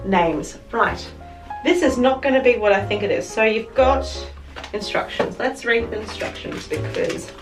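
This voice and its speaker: A woman with an Australian accent chatting to camera as a vlogger, rambling and correcting herself as she goes. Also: mid-range voice. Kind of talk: casual chat to camera. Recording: roomy echo, mic at a distance, music behind. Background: music.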